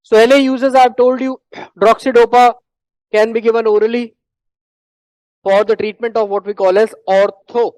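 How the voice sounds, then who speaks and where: A teacher with an Indian English accent giving a classroom lecture on medical exam prep, repeating points emphatically and clearing the throat often. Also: mid-range voice, flat delivery, moderate pace, long pauses, a little mellow, dry recording, rough recording.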